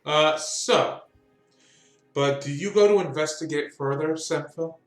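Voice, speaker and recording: A man running a tabletop game as game master, describing scenes at an unhurried pace with fillers. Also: a little high, reverberant, faint music behind.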